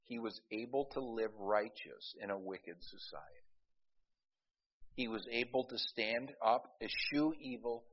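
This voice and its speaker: A man's voice: medium pitch, unhurried, breathy edge. Preaching man, muffled lo-fi recording. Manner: calls out "amen?" to the congregation, emphatic rises. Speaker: pastor. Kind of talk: sermon. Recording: dull lo-fi recording.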